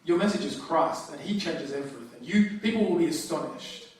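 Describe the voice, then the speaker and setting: A man with a high voice preaches to his congregation, casual and lively, often restarting his sentences. He sounds distant from the microphone. The hall around him rings with a strong echo. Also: brisk. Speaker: pastor. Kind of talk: sermon. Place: church hall. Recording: very echoey hall, distant mic.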